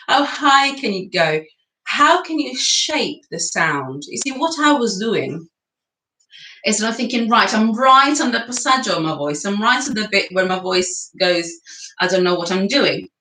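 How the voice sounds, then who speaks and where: A woman's voice: medium pitch, big pitch swings, unhurried, a bit bright. A woman leading a guided singing and breathing class, chatty and encouraging, laughing between exercises. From England. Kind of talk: guided vocal exercise session. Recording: echoey room.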